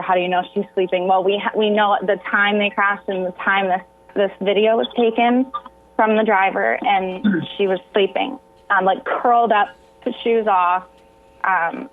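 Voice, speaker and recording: A woman's voice: mid-range voice, a little hiss or hum. A woman guest on a radio interview, telling a personal story with emotion that sometimes breaks into tears. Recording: tinny phone line.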